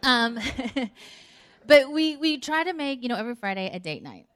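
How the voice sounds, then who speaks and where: Animated middle-aged woman telling a story. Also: a little high, normal speed. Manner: animated storytelling, acts out dialogue with laughs. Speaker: speaker. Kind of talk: conversational sermon.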